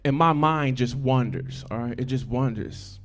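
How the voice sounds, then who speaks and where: On a club stage with a handheld mic, a man performs a stand-up set that's profane and repetitive. He talks a little slowly, swinging from loud bursts down to low mumbles.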